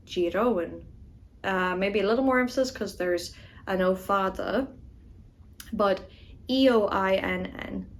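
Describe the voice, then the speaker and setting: Slow, deliberate woman language teacher. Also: mid-range voice, rough recording. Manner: slow, deliberate, repeating each word twice. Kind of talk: explaining grammar and modeling pronunciation.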